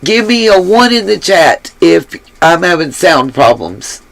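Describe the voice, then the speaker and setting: A woman's voice: lowish voice, very animated, unhurried, vocal fry, no echo, poor audio. A woman hosting her own live stream, ranting angrily and with lots of swearing as she talks straight to her chat. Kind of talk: angry live-stream rant. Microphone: headset mic.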